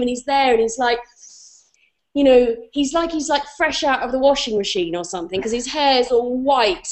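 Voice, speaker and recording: A woman in her forties, a talk show guest, telling a self-deprecating story with many restarts and fillers. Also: high voice. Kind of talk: animated anecdote on a talk show.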